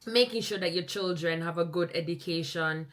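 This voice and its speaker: A woman's voice: fairly low pitch, moderate pace. A young woman from Jamaica with a Jamaican accent, hosting a casual podcast chat and telling stories with easy laughter. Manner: warm storytelling, laughs often. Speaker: podcast host.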